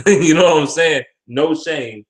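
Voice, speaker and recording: A man's voice: a little high, measured pace, low-quality recording. A man hosting a casual video of sports predictions, talking bluntly with plenty of swearing and often repeating and restarting his words. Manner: blunt, profane trash talk with frequent repeats and restarts; stumbles over words. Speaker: vlog host giving sports picks.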